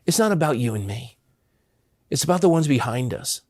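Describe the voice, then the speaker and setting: A man's voice: mid-range voice, expressive, brisk, a little mellow, slightly rough, no echo, clean studio sound. A man in his fifties, a pastor from Southern California, earnestly telling personal stories in an interview. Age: 50s. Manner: earnest, impassioned.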